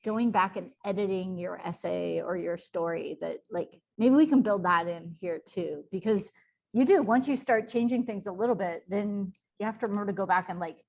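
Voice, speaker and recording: Woman participant, chatty, thinking out loud, video call. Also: mid-range voice, normal speed, creaky. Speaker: workshop participant. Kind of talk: casual discussion.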